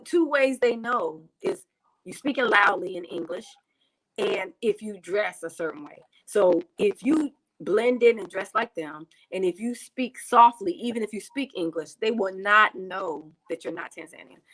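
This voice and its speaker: A woman's voice: medium pitch, a little slow, a bit bright, poor audio. American woman chatting as a guest on a remote call, lots of um and you know. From United States. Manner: chatty, frequent fillers and restarts. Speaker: interview guest. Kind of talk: casual interview talk.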